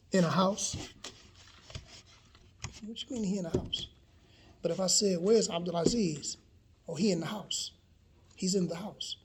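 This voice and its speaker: A man's voice: fairly high pitch, a little mellow, a little hiss or hum. A man giving a casual spoken lesson, explaining patiently and checking in with his listeners as he goes. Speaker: teacher.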